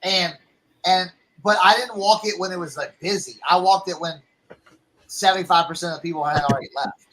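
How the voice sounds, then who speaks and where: A man in casual chat, telling an animated story and acting out other people's lines. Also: high voice, a little fast, poor audio. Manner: animated storyteller, acts out voices in anecdotes. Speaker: co-host.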